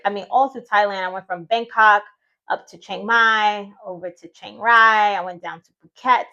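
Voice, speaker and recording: This casual personal storytelling vlog features an American woman in her thirties, a vlogger and retreat host, whose medium-pitched voice sounds fairly bright through a muffled recording. She tells her own story in a chatty, heartfelt way, sometimes voicing thoughts she once had.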